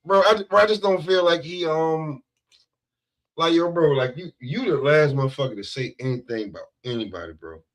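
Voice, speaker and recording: A man's voice: on the high side, moderate pace, rough recording. A man co-hosting a sports talk podcast, ranting in a loose, profane way and leaning on "bro". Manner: profane, rambling, heavy on "bro". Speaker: podcast co-host. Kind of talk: casual trash-talk chat.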